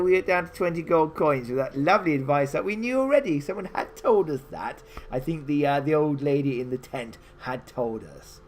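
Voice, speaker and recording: A man's voice: a little high, a little mellow, slight background noise. A man hosting a gamebook playthrough, reading the story aloud with theatrical, chatty asides. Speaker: game host.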